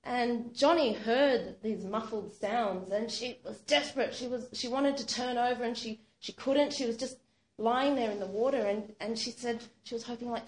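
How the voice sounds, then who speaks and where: A woman's voice: fairly high pitch, moderate pace. Woman telling a story in an echoey room. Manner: conversational, with many fillers like "you know" and "sort of". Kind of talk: spoken storytelling. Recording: roomy echo, faint background noise.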